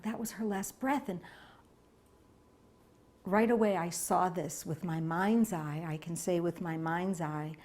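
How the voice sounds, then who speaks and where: A woman's voice: on the low side, darkish tone. A woman, a devotee, sharing a personal memory in an interview, telling it in an earnest, reflective way.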